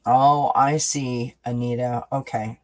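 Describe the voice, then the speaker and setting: A man hosting a live oracle card reading and answering viewers in chat. He talks in a gentle, reassuring way, often checking in with "right?" and "you know.". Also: mid-range voice, flat delivery, takes it slowly. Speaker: oracle card reader and host.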